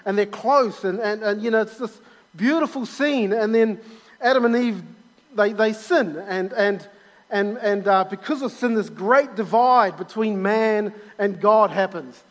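An eager male preacher delivers a sermon, often repeating himself and restarting his phrases. His voice sits high for a man. The sound rings with the long reverb of a church auditorium. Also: a little slow.

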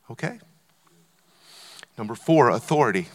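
A man preaching a sermon, telling stories and building to loud, emphatic points. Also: on the low side, moderate pace, vocal fry. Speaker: visiting preacher. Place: church auditorium. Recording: long church hall reverb.

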